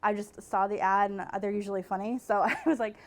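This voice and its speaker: A woman hosting a podcast in casual comedic chat, animated, laughing and breaking into incredulous outbursts. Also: mid-range voice, a little fast. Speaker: podcast host.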